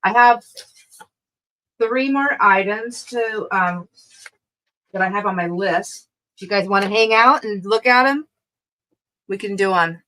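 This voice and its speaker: A woman's voice: mid-range voice, a little slow, long pauses, bright, forceful tone, rough recording. A middle-aged woman hosting a live online craft sale from her craft room, chatting casually, exclaiming over items and laughing often. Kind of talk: casual live-stream selling chat.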